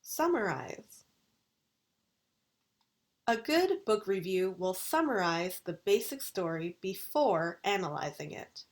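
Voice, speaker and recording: A woman university English lecturer recording a video lesson, enunciating vocabulary words slowly and deliberately. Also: medium pitch, sing-song.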